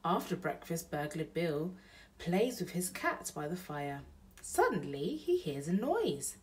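A mother reading a bedtime storybook aloud to her baby in a slow, gentle pace. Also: on the low side, big pitch swings, far from the mic.

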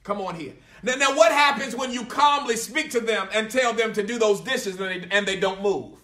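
High, bright preacher man. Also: moderate pace, roomy sound, recorded from a distance. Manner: emphatic, repetitive, punctuated by "praise God"; builds to shouts. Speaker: pastor. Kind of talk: preaching sermon. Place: church sanctuary.

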